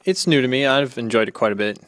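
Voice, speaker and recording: A man's voice: medium pitch, fast, a bit bright, slight background noise. Actor guy on a panel, easygoing, keeps it simple. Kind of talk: casual panel interview.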